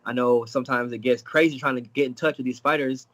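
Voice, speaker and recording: A young man from Jamaica, a fighter on a live video-call interview, telling stories in a laughing, animated way. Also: medium pitch, fast, dull audio. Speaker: UFC fighter guest. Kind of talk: casual live interview chat.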